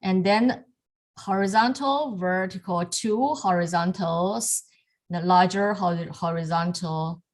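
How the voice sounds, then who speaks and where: Slow, halting woman teaching calligraphy. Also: fairly low pitch. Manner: halting, many fillers and restarts, soft laughs. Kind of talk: online lesson demonstrating strokes. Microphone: video call.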